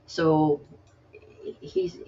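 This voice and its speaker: A woman's voice: very slow, mellow, muffled recording. A woman hosting a late-night poetry stream, chatting casually in a rambling, grumbly, self-deprecating way. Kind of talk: casual chat.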